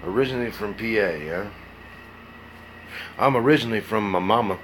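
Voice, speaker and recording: A man's voice: on the low side, brisk, fairly bright tone, slight background noise. Hungover, folksy man rambling. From Mississippi. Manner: rambling, self-mocking, folksy. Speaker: model-building live streamer. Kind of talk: casual live stream chat.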